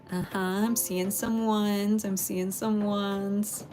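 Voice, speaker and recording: A woman's voice: medium pitch, noisy background. A woman from Texas, hosting a casual pottery livestream, chatting with viewers, greeting them by name and laughing often.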